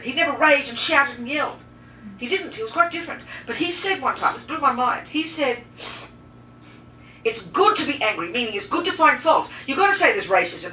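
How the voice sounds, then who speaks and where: A woman teaches a group in a bright, fairly high voice. She talks with lively emphasis and turns straight to her listeners. The sound is echoey and distant, with faint noise underneath. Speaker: Buddhist teacher. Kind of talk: teaching talk with questions.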